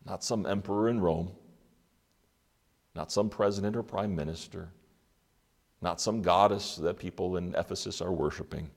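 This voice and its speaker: Male pastor, deep voice, sermon delivery with pointed questions and long pauses. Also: gravelly. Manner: dramatic pauses, rhetorical questions. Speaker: preacher.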